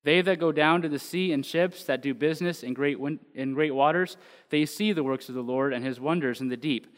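A man's voice: a little high, a little fast. Joking preacher man in a reverberant hall. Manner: joking, chatty asides before reading aloud. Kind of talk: casual sermon with scripture reading.

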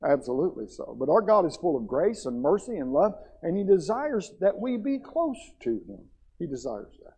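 A man preaching a sermon in a church, fervent, swinging between loud and quiet. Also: on the high side, sing-song, normal speed, breathy edge, low-quality recording. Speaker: pastor.

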